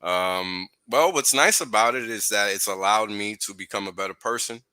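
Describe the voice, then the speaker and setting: A man with a very deep voice and a sharp, bright tone speaks earnestly and gratefully in a laid-back way. He is a guest on a casual livestream, heard through a dry computer mic. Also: normal speed, clean tone, no echo.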